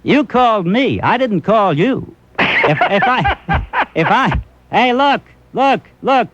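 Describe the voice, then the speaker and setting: Wisecracking male radio host, lively pitch. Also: slow, heavy background noise. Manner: wisecracking, teasing, animated. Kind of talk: radio call-in talk. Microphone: studio microphone. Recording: dull lo-fi radio broadcast.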